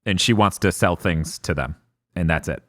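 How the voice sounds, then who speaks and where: A man's voice: low-pitched, normal speed, no room sound, clean studio sound. A man co-hosting a casual game podcast, retelling game scenes with lots of swearing and acted-out lines. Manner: animated storytelling, acts out game scenes with swearing. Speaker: podcast co-host.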